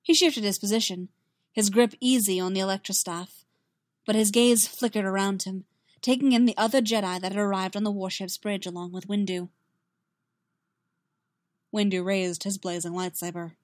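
A woman narrating a science fiction story in a steady, expressive reading. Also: medium pitch, moderate pace, long pauses, no echo, clean studio sound. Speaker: reader. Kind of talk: fan fiction audiobook narration.

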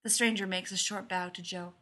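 A woman reading a story aloud in a lively, expressive way. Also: lowish voice, brisk. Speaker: reader.

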